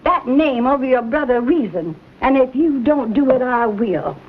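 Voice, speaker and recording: A woman's voice: high-pitched, lively intonation, moderate pace, slightly rough. An actress playing a stern frontier mother, scolding her grown son. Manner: scolding, commanding. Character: stern frontier mother, proud of family ties. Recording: thin phone-like old TV audio.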